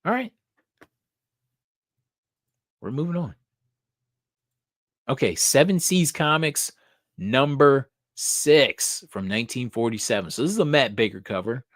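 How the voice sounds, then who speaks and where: A man hosting a casual live stream who talks unhurriedly, his pitch swinging a lot as he thinks aloud. He swears casually and perks up with excitement now and then. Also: a little slow, pauses often, dry recording, clean studio sound. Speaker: host of a comic book live show.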